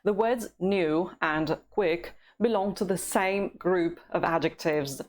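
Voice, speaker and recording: A woman from Russia with a Russian accent, teaching a language lesson with patient, deliberate repeat-after-me drills. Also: lowish voice, a little hiss or hum. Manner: patient, deliberate, pauses for learners to answer.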